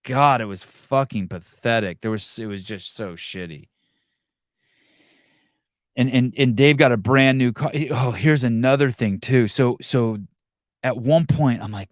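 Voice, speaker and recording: A male podcast host in casual chat, ranting in a profane, animated way. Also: fairly low pitch, unhurried, no echo, clean studio sound.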